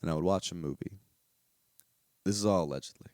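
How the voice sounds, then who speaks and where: A man's voice: low voice, a little fast, no echo, clean studio sound. A man hosting a podcast, rambling through a casual comedic monologue full of swearing and filler words. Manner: profane, animated, heavy on filler words. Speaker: podcast host.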